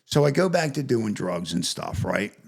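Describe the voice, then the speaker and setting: A man in his fifties with a deeply gravelly, husky voice tells his personal story on a podcast. He rambles a bit and restarts his sentences as he goes. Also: very animated. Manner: rambling, halting retelling with restarts. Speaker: podcast guest.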